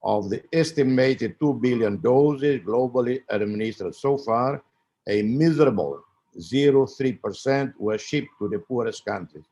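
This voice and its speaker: A man giving a formal opening speech, measured and emphatic, with frequent pauses and fillers. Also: mid-range voice, dark tone, lo-fi sound. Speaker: keynote speaker.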